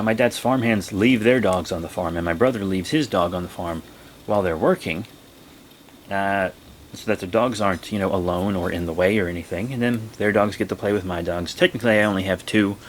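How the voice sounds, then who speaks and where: A young man vlogging, telling a rambling story in a casual way and breaking into high, excited exclamations. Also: a little hiss or hum.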